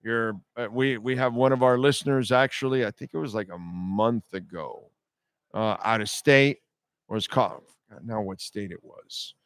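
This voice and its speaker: A man's voice: on the low side, moderate pace, fairly bright tone, no room sound. Male sports talk host, blunt and sarcastic, dry close-miked sound, clean resonant tone. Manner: blunt, sarcastic, profane ranting.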